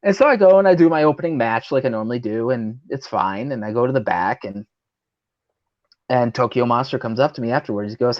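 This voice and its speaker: A pro wrestler appears as a guest on a talk show, spinning a rambling, profane yarn packed with fillers and acting out the people he quotes, like casual storytelling over drinks. His voice sits in the mid-range and moves briskly, with the highs cut off.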